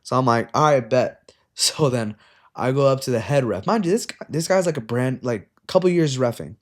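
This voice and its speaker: A man's voice: mid-range voice, moderate pace. Profane young-adult man telling a story. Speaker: youth wrestling coach. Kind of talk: casual podcast chat.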